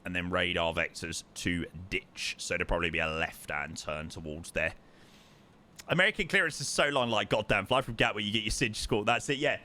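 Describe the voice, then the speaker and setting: This young man's low-pitched, bright voice moves a little fast and sounds forceful as he streams himself flying a simulator. He chats casually with his live chat, doubling up words for emphasis.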